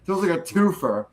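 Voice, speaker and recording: Man, fairly high voice, rambling anecdotes, laughs and curses a lot, casual podcast chat. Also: darkish tone, a little hiss or hum, low-quality recording. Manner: rambling storyteller, laughs and swears often.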